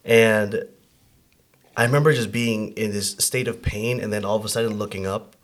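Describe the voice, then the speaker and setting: A man from Chicago co-hosting a podcast, telling a personal story in lively, animated fashion. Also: on the low side, moderate pace. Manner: animated storyteller, acts out his own past words. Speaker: podcast co-host.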